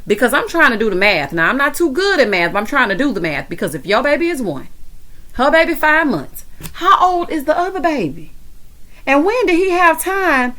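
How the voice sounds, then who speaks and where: A woman with a Southern American accent giving sassy, animated commentary on a reality TV episode, talking straight to the viewer. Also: high voice, brisk. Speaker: reality TV recap vlogger. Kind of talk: casual commentary.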